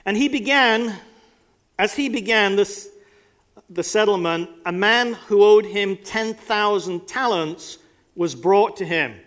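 A man with a notably high voice preaching a sermon from the pulpit. He talks to his listeners conversationally and keeps asking them rhetorical questions. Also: slow pace, fairly bright tone.

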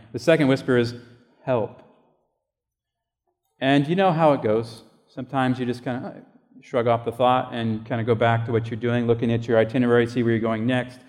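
A man's voice: mid-range voice, a little mellow. A male pastor preaching a sermon, telling a personal story in a conversational way and acting out the voices of people in it. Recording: long hall reverb.

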